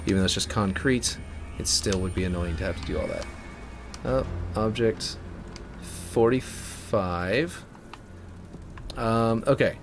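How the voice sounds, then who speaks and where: Man, low voice, casual think-aloud building commentary, rambling, soft background music. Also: moderate pace. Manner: rambling, self-correcting, thinking out loud. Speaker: map-building streamer.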